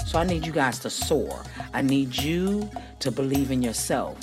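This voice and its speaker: A woman hosting a motivational podcast, talking in a preachy, emphatic way that swells to near-shouting. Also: expressive, normal speed, few pauses, over music. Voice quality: husky, low voice. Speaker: podcast host.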